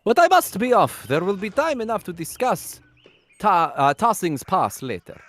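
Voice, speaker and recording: A man voicing a lively genteel nobleman. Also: high-pitched, moderate pace, full character voice. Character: genteel gossipy nobleman, middle-aged male art lover. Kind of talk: live voice-over of game dialogue.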